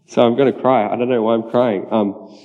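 A man's voice: medium pitch, fairly even intonation, normal speed, dark tone. A man, giving a personal testimony sermon in a casual, chatty way with frequent laughs. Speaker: preacher. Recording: dull, reverberant hall sound.

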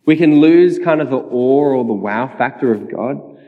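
In an animated, mid-range voice at normal speed, a preacher tells his personal testimony casually and conversationally, laughing often. His sermon comes through with a dull, reverberant hall sound.

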